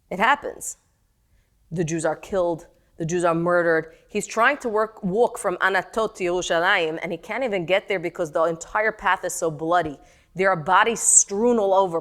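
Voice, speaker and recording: A middle-aged woman teaching a text-study class, animated and questioning her students. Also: lowish voice, normal speed.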